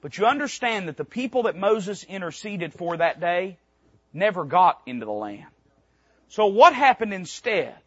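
A man preaching a sermon from the pulpit, reading scripture aloud and retelling it plainly, swinging from loud emphatic peaks to quiet low passages. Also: very animated, normal speed, no room sound, dull audio. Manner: reads scripture aloud in King James wording, then retells it plainly. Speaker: pastor. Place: church sanctuary.

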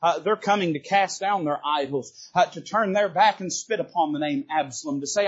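High-voiced husky man preaching a sermon. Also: normal speed, hardly any pauses, highs cut off. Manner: emphatic, swinging from loud bursts to quiet asides; quips to the congregation. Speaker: Baptist preacher. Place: church sanctuary at the pulpit.

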